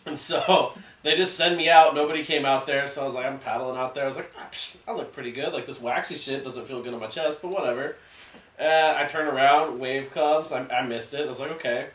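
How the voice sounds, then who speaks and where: A man from San Diego hosting a casual podcast, sharing relaxed, joking anecdotes. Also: medium pitch, fairly quick. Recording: roomy sound from a distant mic.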